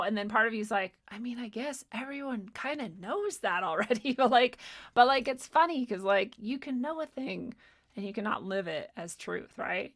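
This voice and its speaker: Hosting a spiritual livestream, a woman with a medium-pitched, fairly bright voice talks casually and candidly. She swears freely, laughs a lot, rambles through her thoughts, and reads viewer comments aloud.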